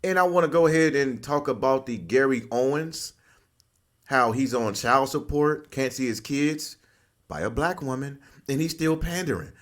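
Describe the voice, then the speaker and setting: Male host, casual reaction talk, slangy, laughs a lot, mid pitch. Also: lively intonation, normal speed. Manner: loose, slangy, laughs often. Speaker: channel host.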